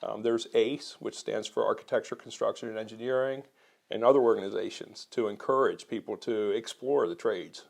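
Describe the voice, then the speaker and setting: A business co-owner from Maryland talking earnestly as an interview guest, measured and a little halting. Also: male voice, on the low side, vocal fry. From Maryland, USA. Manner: measured, earnest, repeats words when restarting. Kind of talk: conversational interview.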